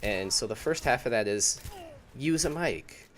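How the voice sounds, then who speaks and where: A man's voice: medium pitch, animated, a little slow, slight background noise. A young man giving casual gaming advice to his viewers in a chatty, informal way, full of fillers and restarts. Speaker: gaming YouTuber.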